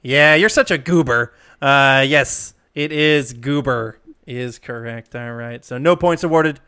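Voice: mid-range voice, measured pace, smooth. A quiz game host reading questions and joking with contestants in an upbeat way. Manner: playful, jokey, animated.

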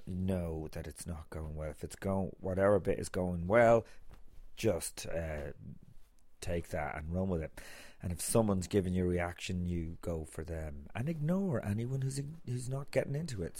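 A man's voice: low voice, darkish tone, no room sound. An Irish man hosting his podcast, rambling casually with many fillers and restarts. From Ireland. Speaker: podcast host and comedian.

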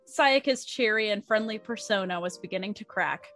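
A young woman reads a story aloud in a casual, chatty way, with some giggles along the way. Her voice sits at a middle pitch. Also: moderate pace, a bit bright, soft background music. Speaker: fanfic reader.

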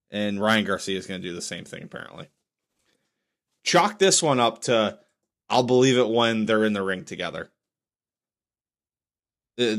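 With a lowish, slightly bright voice, a man in his thirties holds forth alone on his casual podcast. He speaks bluntly and grows heated as he airs his views.

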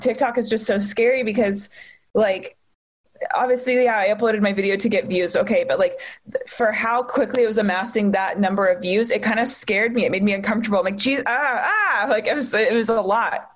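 A young woman co-hosting a podcast, telling animated stories loaded with "like" and swearing. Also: medium pitch, a little fast. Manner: animated storytelling, lots of "like" and profanity. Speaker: podcast co-host, comedian. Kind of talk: casual podcast chat.

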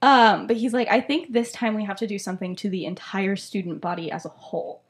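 A woman's voice: mid-range voice, fairly even intonation, brisk. A young woman hosting a podcast, casually retelling a story with lots of "like" and frequent laughter. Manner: chatty, laughing often, heavy use of "like". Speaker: podcast host.

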